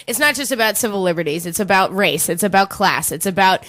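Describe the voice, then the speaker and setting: A woman's voice: mid-range voice, expressive, quick pace, fairly bright tone. A young woman co-hosting a talk radio show, chatting with passion about activism. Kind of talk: casual talk radio chat.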